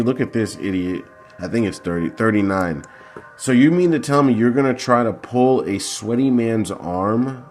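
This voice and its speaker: Low-voiced guy ranting about football plays, swears a lot, heated, faint music behind. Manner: profane, combative, heated. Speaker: football analysis vlogger. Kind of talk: ranting game-film breakdown.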